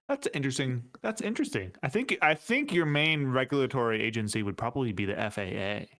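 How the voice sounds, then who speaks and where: A man co-hosting a podcast in casual chat, teasing and pedantic, quick to needle the others. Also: medium pitch, lively intonation, a bit bright. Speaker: podcast co-host.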